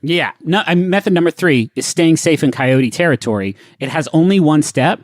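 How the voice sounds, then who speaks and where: Lively, higher-voiced man co-hosting comedy. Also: moderate pace, no echo, clean studio sound. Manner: animated, riffing, sudden swoops in pitch. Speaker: podcast co-host reading questions. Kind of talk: casual comedic banter.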